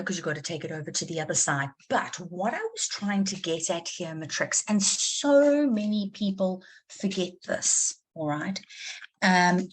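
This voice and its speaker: A woman maths teacher from South Africa leading a live online revision class, quizzing her students and repeating key points for emphasis. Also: on the low side. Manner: questioning, encouraging, repeats for emphasis.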